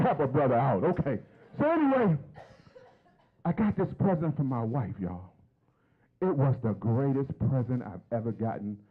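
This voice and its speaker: Lively fifty-something man doing stand-up. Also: mid-range voice, slightly rough, narrow, tinny audio. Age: 50s. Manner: chatty, teasing the crowd with questions. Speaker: stand-up comedian. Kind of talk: stand-up comedy set. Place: stage at a comedy show.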